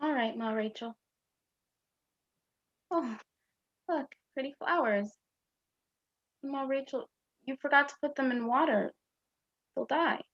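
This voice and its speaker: A woman's voice: high voice, slow pace, long pauses, a bit bright, highs cut off, full character voice. A woman playing a small, earnest young boy who asks plaintive, childlike questions in a stage play. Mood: innocent.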